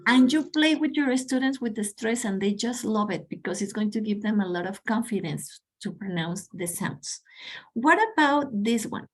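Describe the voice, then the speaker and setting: A woman's voice: mid-range voice, lively intonation, normal speed, faint music behind, rough recording. A woman in her forties with a Mexican Spanish accent, leading an online pronunciation workshop for teachers in an enthusiastic, coaxing way. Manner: enthusiastic, coaxing, addresses audience as guys. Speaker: pronunciation trainer.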